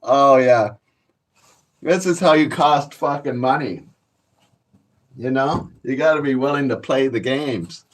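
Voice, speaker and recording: Guy vlogging, swears a lot, cocky and laid-back, mid-pitch voice. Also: unhurried, pauses often. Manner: profane, boastful, laid-back. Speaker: cannabis vlogger. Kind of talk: casual storytelling.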